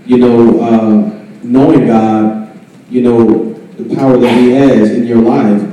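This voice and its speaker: A man speaking up in a Bible study, halting and filling gaps with "you know" as he explains himself. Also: mid-range voice, steady tone, far from the mic, a crowd in the background. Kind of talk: testimony in Bible study discussion. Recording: echoey church hall mic from afar.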